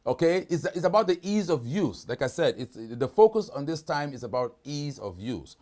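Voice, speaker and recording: A man's voice: on the high side, very animated, moderate pace, darkish tone. A man hosting a live product demonstration over a video call, talking casually and often checking in with "right?". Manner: casual, keeps asking "right?".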